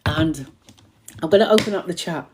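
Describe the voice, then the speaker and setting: A woman's voice: fairly low pitch, moderate pace, noisy background. A woman hosting a motivational live stream, emphatically repeating affirmations to her community, her voice strained and tiring.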